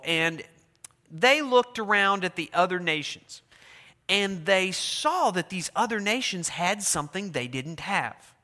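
A man preaching a sermon as pastor, animated and asking his congregation questions. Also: sits high. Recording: long hall reverb.

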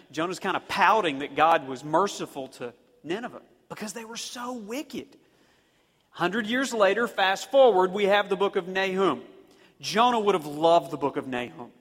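A man preaching a sermon as pastor, with dynamic delivery that slows down to punch key words. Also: high voice, fairly bright tone. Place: church sanctuary. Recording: long reverb of a church hall.

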